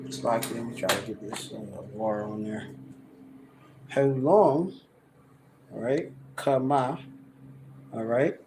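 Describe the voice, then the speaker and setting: A man in a casual scripture study, loose and conversational, reading verses slowly and sounding out words to define them, recorded on a handheld phone. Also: mid-range voice, noisy background. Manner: loose and conversational, heavy on "you know" and "all right". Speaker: Bible teacher. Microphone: handheld phone camera, no tripod.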